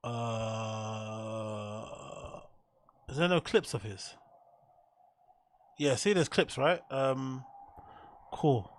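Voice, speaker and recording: A man's voice: mid-range voice, drawn-out words, pauses often. A man hosting his own show, swearing and ranting in disbelief as he reacts to clips. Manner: profane, incredulous ranting. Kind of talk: casual livestream commentary.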